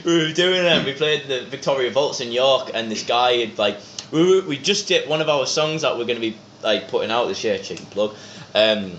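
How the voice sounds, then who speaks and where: A young man, telling rapid, animated anecdotes in casual chat as a band member and podcast guest, full of swearing and acted-out quotes. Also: mid-range voice, slight background noise. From North East England. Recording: echoey, slightly dull podcast room recording.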